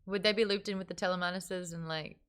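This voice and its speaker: A woman hosting a book club chat, animated and casual, swearing freely and laughing often. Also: fairly low pitch, fast talker, clear, resonant tone.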